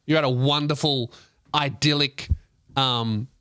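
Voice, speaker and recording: A man host telling a comic story in a rambling, profane way, breaking into loud put-on voices. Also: medium pitch, steady tone, measured pace, clear, resonant tone, no room sound, studio quality. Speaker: comedian host. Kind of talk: stand-up style storytelling.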